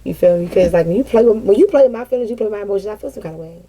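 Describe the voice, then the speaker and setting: A woman's voice: medium pitch, expressive, very fast, warm tone. A woman giving a casual vent session to her viewers as a tarot reader, dramatic and profane, often breaking into laughter.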